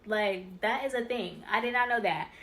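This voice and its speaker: Woman, channel host, casual spiritual teaching, chatty, excitable, talks straight to viewers. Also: medium pitch, normal speed. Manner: addresses viewers as y'all and you guys. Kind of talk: casual teaching talk over slides.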